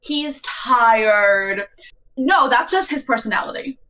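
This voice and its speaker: A woman's voice: on the high side, animated, takes it slowly, pushed and bright, low-quality recording. Teasing woman podcast co-host. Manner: teasing, storytelling. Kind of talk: casual chat.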